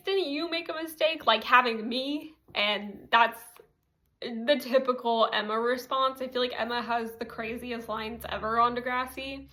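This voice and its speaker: A woman's voice: fairly high pitch, bright, forceful tone. A young woman giving a casual TV episode recap, chatty and full of "like" fillers with giggly asides. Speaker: TV recap commentator.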